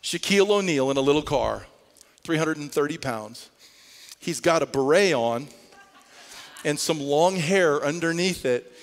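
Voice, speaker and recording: Animated preacher in a reverberant hall. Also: male voice, fairly high pitch. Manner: animated storytelling, rising to shouts. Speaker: pastor. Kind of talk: sermon. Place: church sanctuary.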